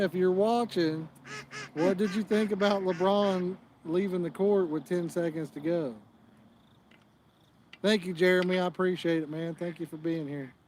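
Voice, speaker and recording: Brief: talkative outdoorsy male host, slightly high voice, faint outdoor noise behind. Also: steady tone, a little slow, pauses often, a little mellow. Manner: chatty, joking, rambling. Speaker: fishing channel host. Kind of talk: casual live-stream chat. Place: outdoors at a fishing spot.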